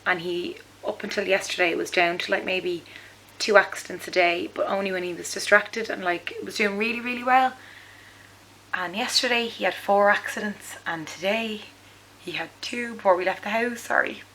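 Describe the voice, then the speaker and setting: Bright-voiced mum vlogging. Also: female voice, mid-range voice, normal speed, slight background noise, rough recording. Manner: chatty and rambling, many fillers. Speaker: mother vlogger. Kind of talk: casual video diary.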